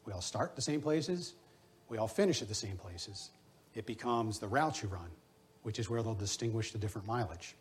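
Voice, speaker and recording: A man's voice: mid-range voice, darkish tone. Middle-aged male pastor, earnest sermon delivery, mid-range voice, exhorting tone. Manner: earnest, exhorting, personal running anecdotes.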